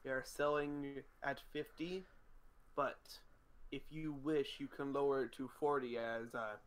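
A man's voice: mid-range voice, level tone, unhurried, close to an everyday voice. A man voicing a scheming male adventurer in a tabletop game, speaking as a sly, haggling aside.

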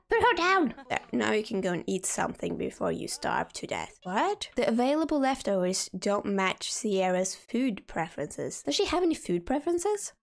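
A woman hosting a gaming channel, giving casual, expressive commentary as she plays a life-simulation game and talks to her characters. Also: fairly high pitch, creaky.

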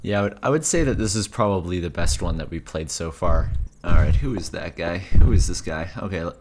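A man giving sarcastic, jokey let's-play commentary on horror games, reacting loudly to scares. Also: low voice, lively intonation, brisk, background noise. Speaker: gaming YouTuber. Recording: game music behind the voice. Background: game music.

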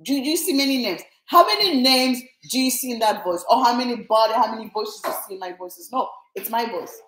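A woman's voice: fairly high pitch, expressive, brisk, a bit bright, roomy sound, poor audio. A woman preaching to viewers, emphatic and repetitive as she exhorts them and prays over them. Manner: emphatic and repetitive, rallying listeners.

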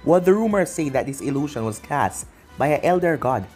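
A man's voice: fairly high pitch, expressive, brisk, darkish tone, soft background music, natural voice. A man voicing a seductive, scheming demoness witch with a sardonic, teasing manner. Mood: sly.

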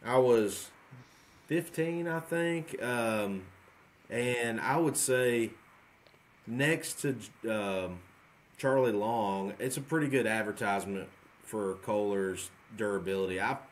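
A man in his forties, a guest on a podcast, talking frankly in a relaxed, rambling way. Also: fairly low pitch. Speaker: guest trapshooter. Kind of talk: casual podcast chat.

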